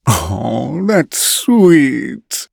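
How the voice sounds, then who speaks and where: A male narrator voicing a cruel, mocking male vampire who taunts in slow, purring menace. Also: mid-range voice, very animated, gravelly, no echo, studio quality, exaggerated voice. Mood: taunting.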